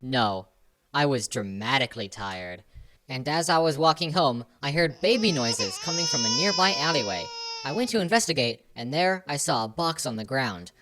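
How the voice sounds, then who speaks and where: A woman's voice: rumbling low, sing-song, moderate pace, background noise. A woman voicing a rambling, overdramatic male German film director in a comedy podcast sketch. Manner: overdramatic, long-winded storyteller.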